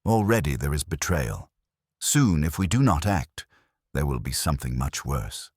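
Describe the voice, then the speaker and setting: A fastidious foreign detective, as a man voices him, speaks with a smooth accent and formal courtesy. His voice sits very deep and husky, recorded dry and close. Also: sing-song, darkish tone, dry recording, heavily acted. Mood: grave.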